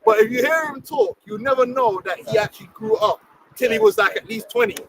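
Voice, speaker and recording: Man, emphatic slangy talk, high voice, lively pitch. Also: a little fast, creaky. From England. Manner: emphatic, preachy, uses street slang. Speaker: livestream host. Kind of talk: heated casual discussion. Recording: distant mic, noisy room.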